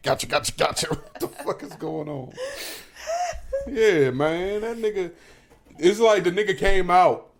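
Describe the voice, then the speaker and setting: A man's voice: sits high, measured pace, vocal fry, slight background noise. A man co-hosting a podcast from home, chatting casually, profane and laughing often. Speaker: podcast co-host. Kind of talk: casual chat.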